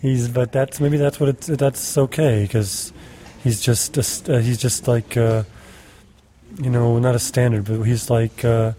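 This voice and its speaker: A man's voice: mid-range voice, steady tone, measured pace, dark tone, a little hiss or hum. A man interviewed as an actor on an indoor green-screen stage, answering hesitantly with many filler sounds. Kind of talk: casual behind-the-scenes chat.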